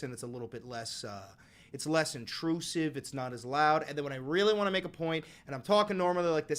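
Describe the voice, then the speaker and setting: A man hosting a casual political live stream, sarcastic and profane, sometimes erupting into sudden yelling, talking into a close desk microphone at a home setup. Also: on the high side, quick pace.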